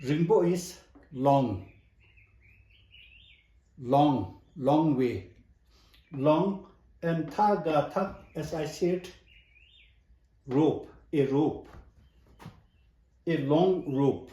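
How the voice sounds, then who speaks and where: Man, Tibetan accent, language lesson, very slow, repeats and spells words, slightly high voice. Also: mellow. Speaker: language teacher. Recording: echoey room.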